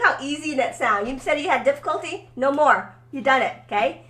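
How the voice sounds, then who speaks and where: A woman's voice: high voice, animated, a little fast, a bit bright, reverberant, faint music behind. A woman giving a one-on-one violin lesson, coaching and encouraging her student, often checking in with "okay?". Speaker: violin teacher. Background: faint violin playing.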